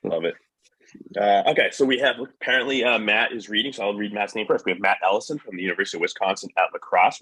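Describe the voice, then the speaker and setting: A man's voice: on the low side, a bit bright, slightly rough, dry recording, poor audio. A man on a physical therapy podcast reading out names in casual chat, with wry joking asides.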